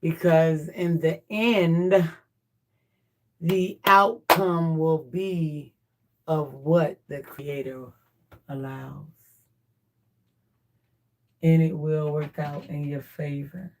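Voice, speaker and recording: A woman's voice: low voice, steady tone, drawn-out words, pauses often, darkish tone. A woman hosting a livestream, musing in a casual, reflective way and repeating her points. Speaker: livestream host.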